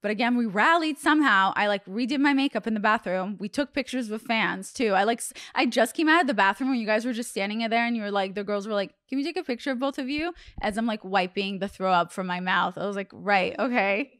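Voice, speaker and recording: Young woman host with smooth voice, rambling. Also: mid-range voice, quick pace, hardly any pauses, fairly bright tone, no room sound, clean studio sound. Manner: rambling storytelling, heavy "like" fillers. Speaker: podcast host. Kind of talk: casual chat.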